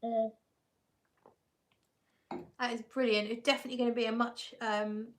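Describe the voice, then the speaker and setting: A woman's voice: a little high, level tone, fast. A woman hosting a casual livestream, reading out viewer comments and talking about perfumes. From England. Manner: chatty, reads viewer comments aloud and answers them. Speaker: livestream host reviewing perfumes. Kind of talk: casual live chat.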